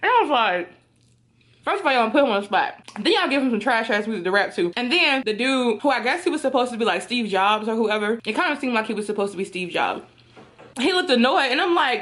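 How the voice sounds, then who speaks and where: Animated, slangy woman vlogger, pitched a bit high. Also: brisk. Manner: animated, slangy, laughs often, talks straight to viewers. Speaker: vlogger reviewing a film. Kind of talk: casual chat to camera.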